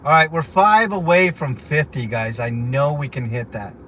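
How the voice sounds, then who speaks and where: A man's voice: a little high, lively intonation, normal speed, fairly bright tone, slight background noise. A man from hosting a livestream, chatting casually with many fillers while driving through the city. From Denver, Colorado. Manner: laid-back, rambling, many fillers. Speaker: livestream host.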